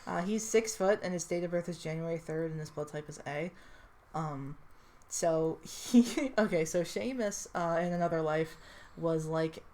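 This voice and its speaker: A woman's voice: sits low, normal speed, a little mellow. A woman in casual chat, presenting a character she made. She rambles, swears freely and laughs often. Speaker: character creator presenting her character.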